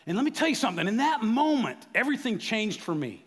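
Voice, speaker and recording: Middle-aged male pastor, fervent sermon delivery, swings from hushed to shouting, reverberant hall. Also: very high voice, big pitch swings, fast talker, few pauses.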